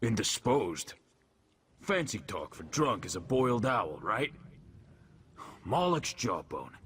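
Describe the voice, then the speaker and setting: An actor playing a suspicious orc smuggler man in a video game, blunt and gruff. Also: on the low side, big pitch swings, takes it slowly, fairly bright tone, a little hiss or hum, heavily acted. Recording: game audio with music.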